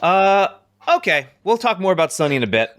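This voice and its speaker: A man's voice: sits high, big pitch swings, a little fast, a bit bright, smooth, no echo. A man hosting a podcast in casual chat, steering the conversation and reading quotes aloud. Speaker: podcast host.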